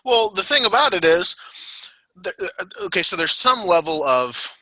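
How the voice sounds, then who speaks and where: A man's voice: high voice, sing-song, moderate pace, pushed and bright, no room sound, poor audio. A man co-hosting a casual wrestling podcast, rambling and blunt, often restarting his sentences. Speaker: podcast co-host.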